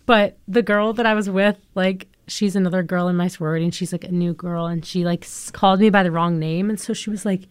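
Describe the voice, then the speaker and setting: A woman's voice: on the low side, fairly even intonation, fast talker, hardly any pauses, clean tone, no echo. A young woman co-hosting a casual chat podcast, talking in a loose, chatty way with lots of "like" and laughs. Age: young adult. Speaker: podcast co-host.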